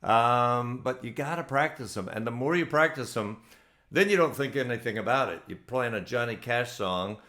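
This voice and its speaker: A man's voice: medium pitch, expressive, normal speed, sharp tone. A man hosting an online ukulele play-along, signing off casually in a loose, rambling way with many ums. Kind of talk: casual sign-off to online viewers.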